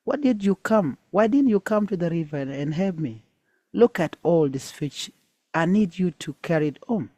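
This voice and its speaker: A man reading a folktale aloud who voices a furious father scolding his daughter, shouting his lines. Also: on the high side, expressive, moderate pace, dry recording, close to an everyday voice. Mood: angry scolding. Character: furious stern fisherman father.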